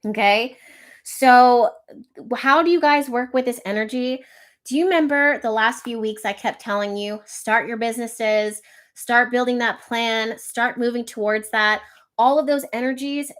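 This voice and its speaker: A woman's voice: on the high side, normal speed, fairly bright tone. Casual, chatty woman streaming live. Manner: chatty, reads out viewer comments. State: out of breath, wheezing. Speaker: astrology livestream host. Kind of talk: casual livestream chat.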